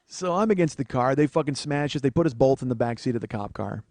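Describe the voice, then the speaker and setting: A man's voice: mid-range voice, animated, quick pace, a little mellow, no room sound. A male comedian hosting a podcast, telling a profane story into a studio microphone. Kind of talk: storytelling monologue.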